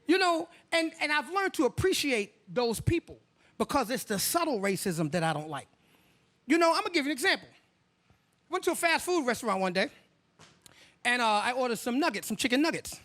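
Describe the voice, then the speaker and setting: A man's voice: extremely high pitch, very animated, a little fast, fairly bright tone. A man performing a stand-up comedy set, telling stories and acting out the people in them. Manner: storytelling, acts out characters, playful.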